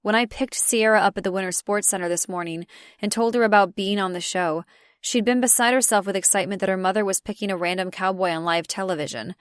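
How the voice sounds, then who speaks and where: Female audiobook narrator, steady measured first-person read, very dry booth sound. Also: medium pitch, clean tone, no room sound.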